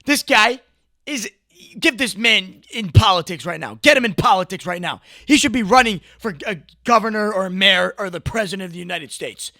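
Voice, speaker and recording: Young male commentary host, sharp bright tone, dry close sound, riffs and mocks excitably. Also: sits high, moderate pace, dry recording. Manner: mocking, riffing, excitable, with frequent "like" and "bro". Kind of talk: casual reaction commentary.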